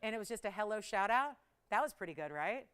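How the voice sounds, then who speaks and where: A woman's voice: mid-range voice, animated, fast talker, fairly bright tone, clear, resonant tone. A woman hosting a live on-air jewelry shopping show, chatty and playful, laughing often and teasing the crew. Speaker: shopping channel host.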